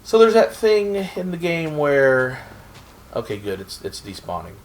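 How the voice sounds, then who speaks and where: A man's voice: fairly high pitch, big pitch swings, unhurried, a little hiss or hum. A man from Oklahoma chatting casually and rambling in a goofy way while he plays a game on stream. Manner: rambling, goofy, self-talk while playing. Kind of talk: casual gameplay chat.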